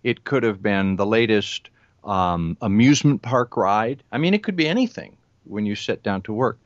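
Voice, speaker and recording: A man's voice: fairly low pitch, animated, moderate pace, no room sound. Older man, former news reporter, earnest conversational storyteller; dry, muffled recording. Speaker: television news reporter and remote viewer. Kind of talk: conversational interview talk. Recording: dull lo-fi audio, dry.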